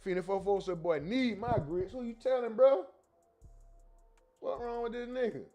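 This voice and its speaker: A man hosting a casual commentary livestream, reading the chat aloud and bantering in loud, laughing, slangy outbursts. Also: extremely high pitch, normal speed, faint music behind.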